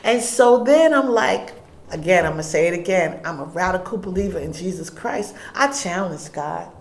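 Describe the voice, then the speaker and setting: A middle-aged woman, a guest telling a personal story in an interview, acting out dialogue and swinging between hushed and loud. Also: lowish voice, animated, moderate pace. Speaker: guest, food business owner. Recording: echoey room.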